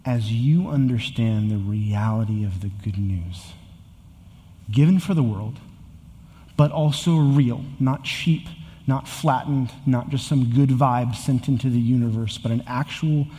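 A man's voice: medium pitch, unhurried, warm tone, long reverb tail. A man in his thirties preaching a sermon as a pastor, earnest and building to emphatic repetition. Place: church sanctuary with long reverb.

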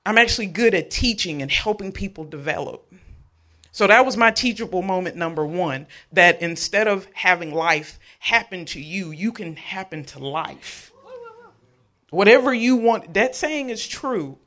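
A man, telling a personal story at a live event, animated and joking with the audience. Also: high voice, unhurried.

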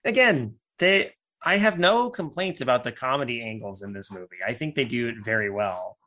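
An enthusiastic man chatting casually about a film, his voice bright and forward. He rambles a little and restarts sentences as he gets excited. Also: mid-range voice, moderate pace. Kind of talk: casual chat.

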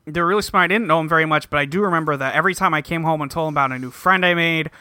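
A man's voice: fairly high pitch, rapid-fire, pushed and bright, dry recording. A man voicing an earnest young man who talks fondly and rambles a little. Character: earnest young man recalling his parents.

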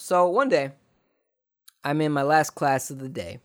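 A man's voice: on the high side, a little slow. A man in his thirties telling a personal story casually, sarcastic and rambling with fillers and restarts.

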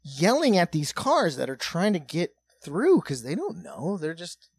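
A man in his thirties hosting a comedy podcast, telling a story casually with lots of swearing. He drops to a hush and then gets loud as it builds. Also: on the high side, a little slow, breathy edge. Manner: profane, animated, swings between hushed and loud.

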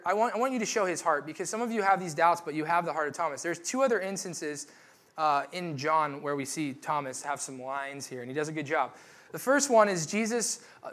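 A young man with a slightly high voice gives a relaxed, conversational sermon. He jokes with the congregation, fills gaps with "like" and "right?", and keeps the tone light while walking through scripture. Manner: chatty, joking, lots of "like" and "right?". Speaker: pastor. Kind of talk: casual sermon.

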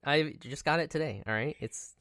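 A man's voice: fairly high pitch, moderate pace, a bit bright, dry recording, studio quality. A young adult man co-hosting a podcast, chatting casually and rambling with lots of fillers and restarts. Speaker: podcast co-host. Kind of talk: casual chat.

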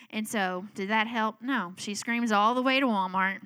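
A middle-aged woman, telling a lively family story in a sermon and acting out the voices. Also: fairly high pitch, moderate pace, dry recording. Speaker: speaker at a church talk.

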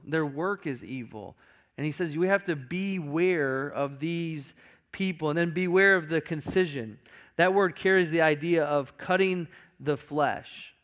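High-voiced pastor preaching emphatically. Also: male voice. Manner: emphatic, repeats words, stammers on restarts. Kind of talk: sermon. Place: church sanctuary.

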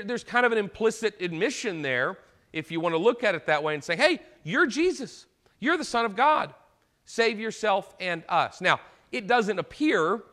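Bright, high-voiced male preacher. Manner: explanatory, conversational preaching with vivid paraphrase. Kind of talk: sermon.

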